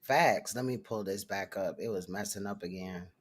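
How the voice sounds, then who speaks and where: A man's voice: low-pitched, moderate pace, breathy edge. A man hosting a casual commentary chat, laughing often and affirming his points. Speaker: host.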